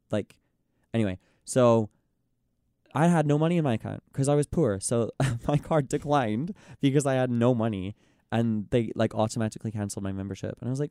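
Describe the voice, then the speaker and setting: A young man in casual chat, ranting in an exasperated, animated way and mimicking the people he quotes. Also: medium pitch, a little fast, clear, resonant tone, no echo, clean studio sound. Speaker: podcast host.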